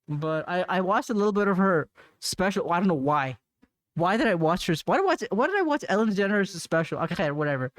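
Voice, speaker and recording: A man with a high-pitched voice hosts a casual solo podcast, recorded with no room sound. He rambles with lots of fillers and restarts, talks in slang, and laughs at awkward moments.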